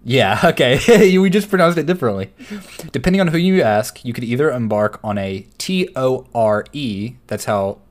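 Young male podcast co-host, mid pitch, playful and giggly, reads items aloud. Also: animated, moderate pace. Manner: laughs often, playful teasing. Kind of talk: casual chat.

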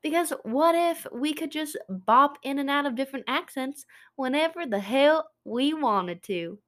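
Sweet, folksy Southern belle, as a woman puts her on. She speaks in a drawling American Southern accent with a high lilt. The delivery is slow and playful. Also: animated, a bit bright. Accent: American Southern, put on.

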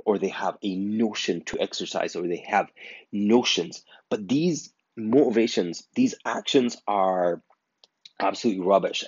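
A man's voice: low-pitched, darkish tone, slightly rough, no room sound. A man hosting a podcast and giving a blunt, earnest motivational monologue in which he swears casually. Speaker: podcast host. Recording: dry, dull lo-fi recording.

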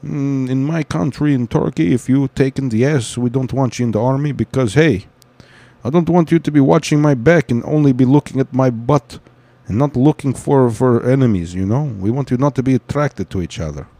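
A man voicing a blustering Turkish army official in a put-on heavy Arab-style accent, slow and mock-serious. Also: mid-range voice, warm tone, dry recording, pitched above the performer's own voice, close to an everyday voice. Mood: mock-stern.

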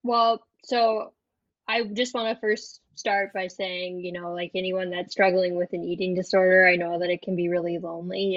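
A woman's voice: on the low side, dry recording. Woman, Minnesotan accent, casual guest, laughs often, dry, dull audio. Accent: Upper Midwest, Minnesotan. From South Dakota. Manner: laughs often, chatty with many fillers. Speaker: pharmacist guest. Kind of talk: casual interview chat.

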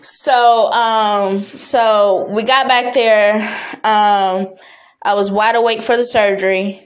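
A woman on a podcast telling a personal story in a blunt, animated, casual way, with Southern US slang. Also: mid-range voice, slow, poor audio. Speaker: podcast guest.

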